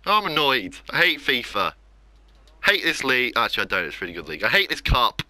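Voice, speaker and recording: Bright, animated young Englishman ranting over gameplay. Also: mid-range voice, fast talker, no echo. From England. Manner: frustrated, self-mocking ranting. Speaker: gaming YouTuber. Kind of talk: live gameplay commentary.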